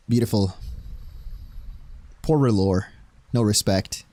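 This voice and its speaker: Cheering at the screen, a young Spanish streamer gives casual, jokey let's play commentary on his video game. His animated mid-range voice is a little mellow and moves at a moderate pace. There's no room sound, just faint music in the background.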